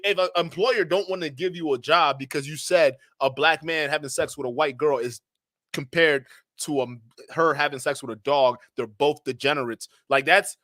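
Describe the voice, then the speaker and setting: Man, reaction commentator; high pitch, dry sound; heated, profane, keeps saying "bro.". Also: sharp tone, dry recording.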